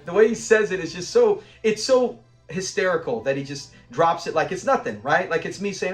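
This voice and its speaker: A man's voice: fairly high pitch, animated, brisk, soft background music. A man casually reviewing a classic sitcom episode, enthusiastic, quoting the characters and laughing often. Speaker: show reviewer.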